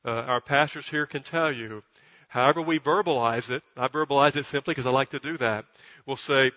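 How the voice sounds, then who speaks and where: A male pastor preaching a sermon in church, emphatic and repeating himself, climbing to loud peaks and stumbling over words at times. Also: mid-range voice, a little fast. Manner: stutters at times. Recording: dull recording with long church reverb.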